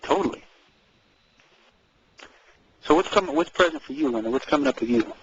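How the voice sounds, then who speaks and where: A man with a gravelly, husky voice talks in lively, animated bursts, stumbling over repeated words and acting out what people said. His speech sits slightly high. It comes through a muffled, lo-fi call line. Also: fairly quick. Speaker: co-host. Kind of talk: casual conversational chat.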